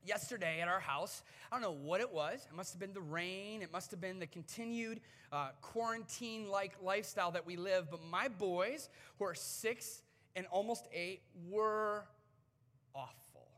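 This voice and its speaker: A man in his thirties preaches to his congregation in a chatty, animated way, with humorous stories along the way. His voice sits high and rings bright. The microphone catches a long, echoing reverb from the church hall. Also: normal speed. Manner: conversational, animated storytelling with humor. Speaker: pastor. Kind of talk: sermon. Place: church sanctuary before a congregation.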